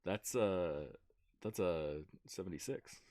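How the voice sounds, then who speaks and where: Game master, male, very deep voice, quick with the rules, drawn-out storyteller. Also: dark tone, no room sound, studio quality. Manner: quick rules talk, slower dramatic narration. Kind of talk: running a tabletop game on a livestream.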